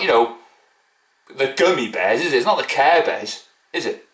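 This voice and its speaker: A man's voice: medium pitch, a bit bright. A man ranting mockingly to camera about a rival football club in a fan video. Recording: echoey room.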